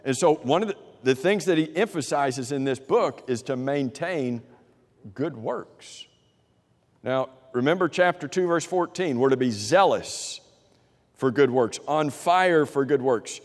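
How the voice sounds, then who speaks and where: A man's voice: medium pitch, expressive, a little slow. A man teaching an interactive Bible class, questioning the group and repeating their answers in a conversational way, with restarts. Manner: conversational, with frequent restarts and fillers. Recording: long reverb in a hall.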